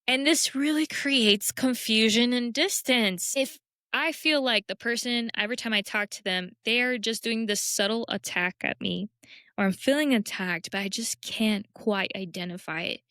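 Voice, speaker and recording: Young woman, self-help talk host, candid, self-deprecating, smooth voice, dry close sound. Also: on the high side, normal speed, pushed and bright, no echo. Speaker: podcast host.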